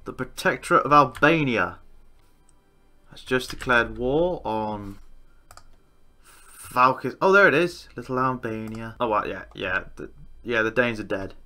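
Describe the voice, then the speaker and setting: Excitable man, game commentary. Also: mid-range voice, measured pace, pauses often. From England. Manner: excitable, swearing, exclaiming in disbelief. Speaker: gaming YouTuber. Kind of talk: Let's Play commentary.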